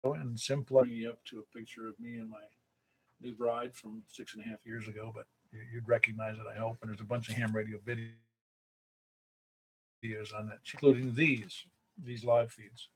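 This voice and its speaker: A man's voice: mid-range voice, flat delivery, moderate pace, background noise. Chatty man running a ham radio net. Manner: rambling, chatty, with self-corrections and chuckles. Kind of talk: casual on-air radio chat.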